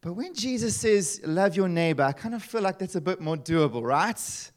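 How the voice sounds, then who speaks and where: A man, preaching a sermon in a lively, conversational way with asides and rhetorical questions. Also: sits high, moderate pace. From South Africa. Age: 30s. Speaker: pastor.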